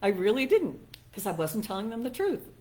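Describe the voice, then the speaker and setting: A woman's voice: medium pitch, sing-song, a little fast, warm tone. A middle-aged woman minister giving a conversational sermon, chatty and self-mocking, laughing at herself as she tells personal stories and acts out what others said.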